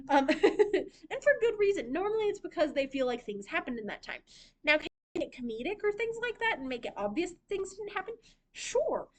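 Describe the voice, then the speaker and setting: A young woman with a high voice talks about writing in a library workshop. She is chatty and giggly and fills gaps with ums. It sounds like a casual class. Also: very animated, moderate pace. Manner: chatty, giggly, lots of fillers. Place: library room.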